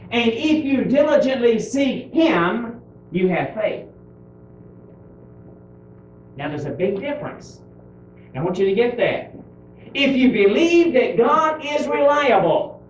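Male preacher, deliberate sermon delivery that draws out scripture and drops to a hush; roomy hall sound on an old tape. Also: very high voice. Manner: emphatic, stretches out scripture quotes and drops to a hush on key words. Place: church sanctuary. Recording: echoey church from far off with faint hum, early 1990s tape.

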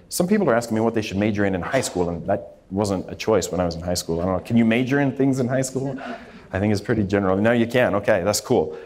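Raised in Idaho, USA, this dermatologist gives an informal, frank talk to students, frequently using fillers and starting sentences over. He has a mid-range voice with a darkish tone.

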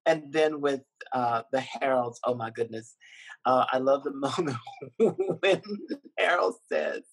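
Husky-voiced man reflecting on video call. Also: mid-range voice, unhurried, poor audio. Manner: reflective, emotional, with frequent ums and soft laughs. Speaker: documentary filmmaker and university dean. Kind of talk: virtual interview conversation.

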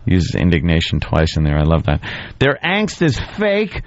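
Radio co-host, male, sarcastic reader, very animated pitch, dry dull sound. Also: moderate pace, no echo. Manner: sarcastic, reads text aloud and mocks it. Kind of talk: mocking read-aloud commentary.

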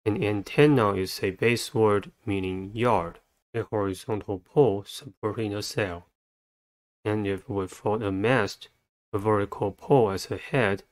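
A man with a fairly low voice teaches vocabulary at a very slow, deliberate pace. He breaks each word into syllables and sounds the letters out one at a time. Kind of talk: instructional narration.

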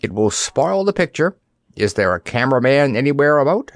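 A man's voice: medium pitch, big pitch swings, brisk, no room sound, clean studio sound. A man voicing a complacent male stunt dummy who talks in a breezy, wheezing, self-satisfied way. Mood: brusque.

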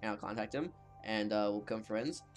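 A man's voice: on the low side, a little fast, soft background music. A man giving casual, sarcastic commentary over gameplay, often cracking up laughing as he jokes. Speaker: gaming channel host.

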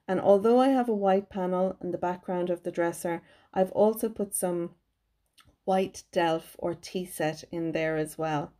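A woman talks through her card-making in a friendly, homely way as a craft tutorial voice-over. Her voice sits a little low and sounds warm and mellow. She keeps a cheerful, chatty tone throughout. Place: home craft room.

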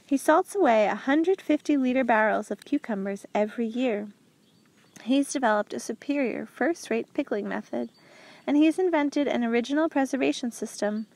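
A woman's voice: fairly high pitch, normal speed, creaky, darkish tone, no room sound. A woman voicing a proud male prison warden in an audiobook, explaining things in a matter-of-fact way. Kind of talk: audiobook character reading.

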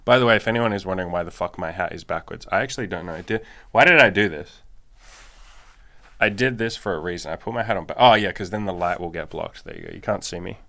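A man hosting a casual podcast chat, blunt and animated, swearing often. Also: sits low, fast talker. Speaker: podcast host and dating coach.

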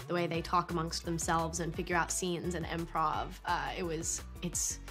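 A woman's voice: lowish voice, little pitch movement, moderate pace, a bit bright, faint music behind. A young woman, an actor promoting a film, chatting in a bubbly way in a casual interview and laughing easily. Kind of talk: casual press junket chat.

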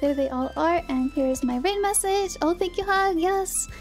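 A woman streamer chatting casually and excitably while gaming, humming to herself, her voice going hoarse. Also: very high voice, moderate pace, faint music behind. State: losing her voice.

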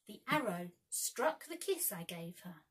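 A woman voicing a boastful boy who never grows up, calling out loudly in a children's storybook reading. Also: mid-range voice, a little slow, breathy edge, far from the mic, exaggerated voice. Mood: telling. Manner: loud, excited calls.

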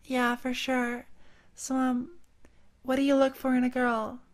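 A man faking a high, flat valley girl. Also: unhurried. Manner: valley-girl fillers, lots of "like".

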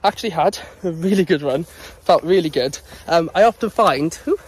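A man rambles casually to his phone camera while out on a dog walk. He is a little out of breath from jogging, and his voice sits a touch high for a man. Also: normal speed, breathy edge. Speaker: vlogger. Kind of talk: casual vlog chat.

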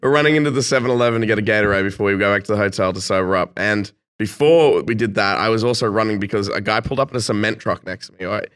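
Man, bright forceful tone, animated storyteller, swears a lot, casual podcast guest. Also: on the low side, racing, few pauses. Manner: animated, swears freely, laughs mid-story.

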